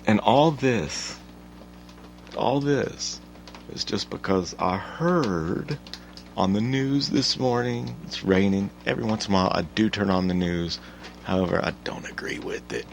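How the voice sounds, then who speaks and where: A man hosting his own podcast, talking in an animated, profane solo rant that swings from mutters to loud outbursts. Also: lowish voice, normal speed, gravelly, a little hiss or hum. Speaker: podcast host.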